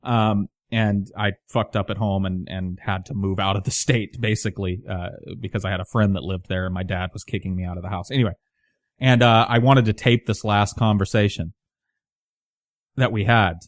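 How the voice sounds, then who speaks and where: A man's voice: fairly low pitch, steady tone, normal speed, no room sound. A man in his thirties with a light Southern twang, rambling casually and self-mockingly to his channel, swearing often. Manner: rambling, profane, self-mocking, many restarts. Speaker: channel host. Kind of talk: casual monologue to camera.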